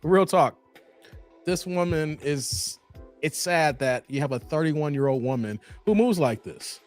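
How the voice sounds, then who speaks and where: A man hosting a live commentary stream, animated, laughing often and talking to his chat by name. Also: a little high, a little slow, soft background music.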